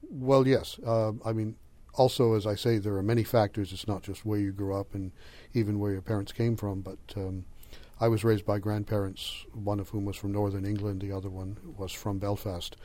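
An older man from the area, answering interview questions in a measured, thoughtful, lecturing way. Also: on the low side, little pitch movement, warm tone. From Boston area. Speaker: interviewee, language scholar.

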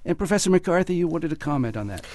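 A fairly high-voiced man hosts a call-in radio talk show. He is brisk and wry, and he keeps the conversation moving. The sound is dry and close to the mic. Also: animated, darkish tone, no echo. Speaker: radio host.

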